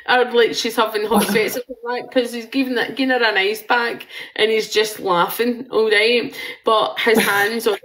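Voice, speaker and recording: A woman's voice: fairly high pitch, fairly bright tone, poor audio. A Scottish woman in her forties giving a live psychic reading in a rambling, chatty way, swearing and laughing now and then.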